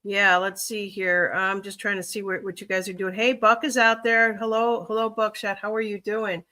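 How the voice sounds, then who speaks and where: Chicago woman hosting a loose livestream, bright tone, lots of ums and thinking aloud. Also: mid-range voice, flat delivery, moderate pace. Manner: rambling, thinks aloud with many fillers. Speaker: livestream reader. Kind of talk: casual livestream chat.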